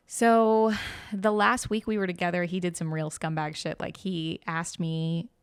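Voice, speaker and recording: A woman's voice: fairly low pitch, flat delivery, measured pace, clean tone, no echo. A woman co-hosting a podcast, casually telling a personal story, peppering it with "like" and acting out what people said. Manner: chatty, heavy use of "like", acts out quoted dialogue. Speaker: guest co-host.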